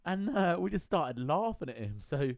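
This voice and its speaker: A man's voice: fairly high pitch, normal speed, dry recording, clean studio sound. A man, a podcast co-host, telling stories in casual banter with lots of laughing and swearing. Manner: laughing, swearing, animated storytelling.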